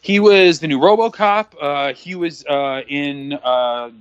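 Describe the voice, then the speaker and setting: A man's voice: a little high, slow, clean tone, no room sound. A man co-hosting a casual movie-watching commentary show, talking bluntly and profanely with a lot of fillers. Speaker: podcast co-host. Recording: dull, muffled recording.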